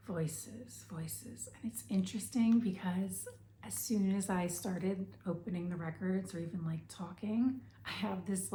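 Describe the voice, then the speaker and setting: A woman with a hoarse voice giving a spiritual reading, hesitant and full of fillers, sometimes dropping to a whisper. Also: medium pitch, warm tone, echoey room, slight background noise. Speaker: intuitive reader.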